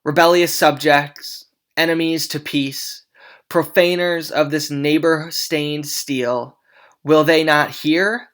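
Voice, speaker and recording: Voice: mid-range voice, fairly even intonation, slow, fairly bright tone, smooth. A stern prince declaiming, as a teacher reads him. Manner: declaiming, reading with small slips. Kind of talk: reading a play aloud.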